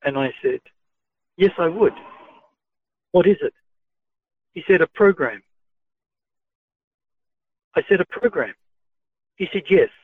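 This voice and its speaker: Guy with a high voice slowly retelling a conversation, sounds like a phone line, dry. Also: a little hiss or hum. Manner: measured, retelling dialogue line by line. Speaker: channeled speaker recounting adventures. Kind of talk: first-person storytelling.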